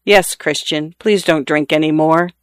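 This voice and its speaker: A man reading a short story aloud and voicing a gentle, patient wife who pleads softly. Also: fairly high pitch, steady tone, unhurried, clear, resonant tone, no echo, studio quality, close to an everyday voice. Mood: gentle pleading.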